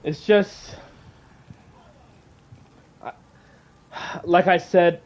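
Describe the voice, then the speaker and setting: A man with a fairly high voice rants angrily on his own livestream. He swears freely and breaks off into heavy, exasperated sighs. His delivery is raw and heated. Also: moderate pace. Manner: angry, profane ranting with heavy sighs. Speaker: channel host. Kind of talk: livestream rant.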